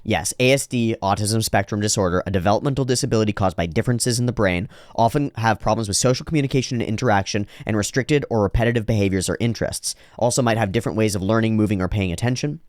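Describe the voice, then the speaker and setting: A man with a lowish voice hosts an anime reaction, recorded cleanly in a studio with no echo. He thinks out loud in rambling, reflective commentary, often restarting his sentences. When quoting lines, he slips into slow, exaggerated voices.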